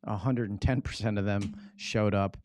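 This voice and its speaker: A man hosting a live stream on public speaking, teaching in an energetic, casual way and often checking in with "right?". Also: on the low side, normal speed.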